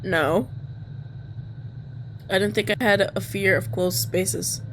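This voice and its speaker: Slow-reading expressive woman streamer. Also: mid-range voice, slight background noise. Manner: expressive, jumps from calm reading to squealing and laughing; casual and cursing in asides. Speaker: streamer playing a visual novel. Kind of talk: reading game text aloud with live reactions.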